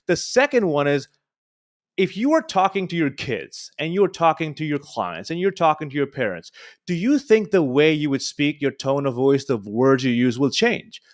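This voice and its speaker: A man's voice: a little high, sing-song, normal speed. A man answering as a guest speech coach in an interview, talking in an emphatic, coaching tone.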